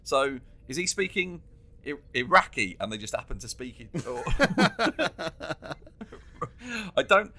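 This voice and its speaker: A man with a bright, forceful voice holds forth in loose comedy podcast chat. His pitch swings widely as he rants, and he breaks into laughter often between points. He stays a casual co-host throughout. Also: very animated, slow pace, long pauses.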